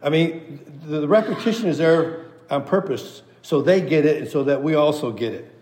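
Emphatic preacher with hall reverb. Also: male voice, a little high, normal speed, a little mellow. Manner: emphatic, repetitive, reads scripture aloud. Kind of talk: expository sermon.

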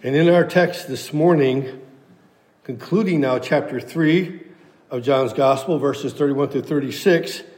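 A man's voice: a little high, darkish tone, roomy sound, in a large hall. A pastor preaching a sermon to his church, emphatic and repeating key phrases for weight.

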